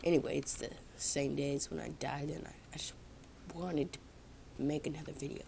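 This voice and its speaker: Sitting low with a steady, warm, creaky tone at normal speed, a young woman gives casual gameplay commentary from home amid slight background noise. She rambles, jokes at her own expense, and speaks to viewers.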